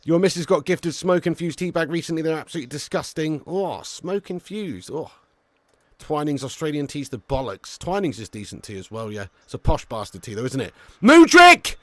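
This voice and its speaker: A young man hosting a live football watch-along, chatting casually with his viewers, reading out their comments, swearing freely and shouting with excitement when a chance comes. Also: on the high side, brisk, no room sound.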